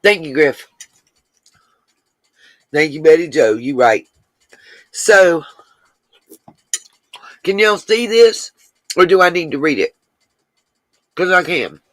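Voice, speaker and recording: This woman's low, animated voice comes through with no echo as she hosts a casual livestream. Replying to viewer comments as they appear, she talks directly to her audience in a chatty way, full of drawn-out side remarks.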